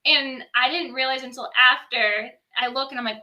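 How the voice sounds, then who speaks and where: A young woman chats as a podcast guest, her voice high and bright. She tells stories in an animated rush, scattering "like" through every sentence. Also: brisk. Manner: animated storytelling, many "like" fillers. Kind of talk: casual interview chat.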